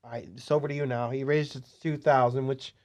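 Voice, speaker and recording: A man hosting a podcast, telling poker-dealing stories in an excitable, animated way. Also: mid-range voice, brisk. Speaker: podcast host and poker dealer. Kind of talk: casual storytelling interview.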